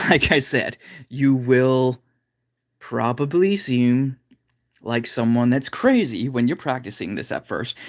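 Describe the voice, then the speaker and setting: A man at home giving a casual livestream vocal lesson, talking in loose, rambling sentences full of fillers. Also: mid-range voice. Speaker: vocal coach streaming live.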